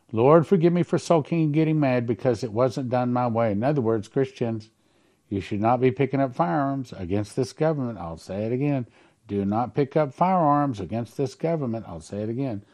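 A man's voice: medium pitch, warm tone. A man hosting a talk show, reading prophecies aloud and commenting on them, stressing and repeating key lines. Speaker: host.

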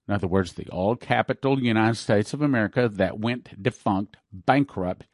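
A man's voice: fairly low pitch, normal speed, few pauses, a little mellow, no room sound, clean studio sound. A man hosting a prophecy broadcast, preaching fervently and hammering his points with repeated words. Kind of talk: preaching talk with ad reads.

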